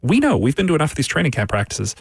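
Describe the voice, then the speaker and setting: A man's voice: on the high side, huge pitch swings, racing, vocal fry, breathy edge, no room sound. Analytical male sports radio guest. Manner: analytical, builds arguments with repeated phrases.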